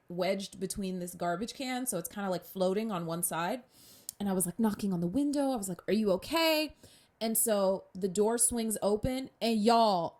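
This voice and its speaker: A woman hosting a podcast, telling a personal story in a chatty, animated way and calling her listeners y'all. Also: mid-range voice. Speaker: podcast host.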